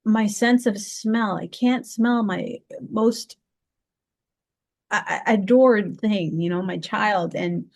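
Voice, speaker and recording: A woman's voice: slow pace, creaky. A woman interview guest telling a personal story in conversation, heartfelt, often stopping to restart and repeat words. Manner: heartfelt, lively pitch swings.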